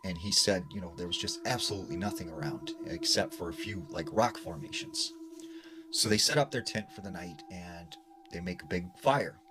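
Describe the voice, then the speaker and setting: A man's voice: fairly low pitch, rough recording. A man narrating scary stories in a casual way, full of fillers, and dropping his voice when quoting people. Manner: casual, many fillers like "like" and "you know". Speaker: storyteller. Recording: music playing underneath.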